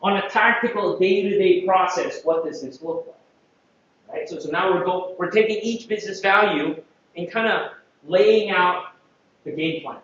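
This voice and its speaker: This man from the Philippines has a high, somewhat bright voice and an unhurried delivery as he gives a playful conference presentation. He frequently makes sure listeners follow along and performs quotes for them. Recorded in a large, echoey conference room, the mic is distant and dull.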